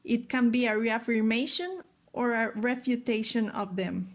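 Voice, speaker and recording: A woman's voice: on the high side, normal speed. A woman giving a poetry lesson in a careful, methodical way, spelling out rhyme schemes.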